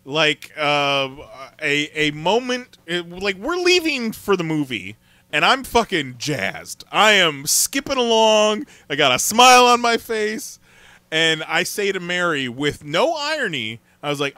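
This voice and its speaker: A man's voice: high-pitched, big pitch swings, measured pace, bright, forceful tone, no room sound. A man co-hosting a podcast, talking enthusiastically and laughing often in casual chat. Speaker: podcast co-host.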